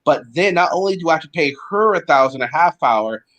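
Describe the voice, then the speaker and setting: Chill guy hosting a call-in chat, bit high, bouncy voice, laughs a lot. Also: expressive, brisk, fairly bright tone. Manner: laid-back, laughs easily, repeats himself. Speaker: host.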